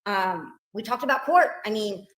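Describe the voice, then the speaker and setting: A woman's voice: medium pitch, lively intonation, normal speed, a bit bright. A woman, a grieving mother, earnestly recounting events in an interview. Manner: earnest, upset, retelling in detail. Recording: roomy played-back interview clip.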